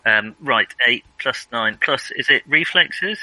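A man playing in a tabletop role-playing game, deadpan and blunt as he announces his character's actions. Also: medium pitch, a little slow, dry recording, low-quality recording. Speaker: player. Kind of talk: casual tabletop game chat.

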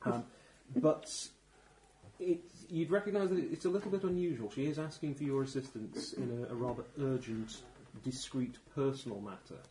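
A man's voice: medium pitch, normal speed, mellow, reverberant, a little hiss or hum, rough recording. A man running a tabletop game as game master, narrating with dry wit and many hesitations.

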